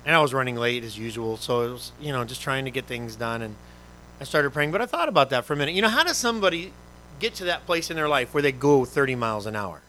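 A man preaching a conversational sermon as pastor, animated and full of rhetorical questions. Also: medium pitch, quick pace, slight background noise, poor audio.

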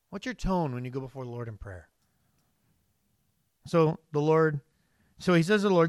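A man's voice: sits high, expressive, brisk, pauses often, a bit bright, no echo, studio quality. A man preaching a conversational sermon, reading scripture and asking the congregation questions. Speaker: pastor.

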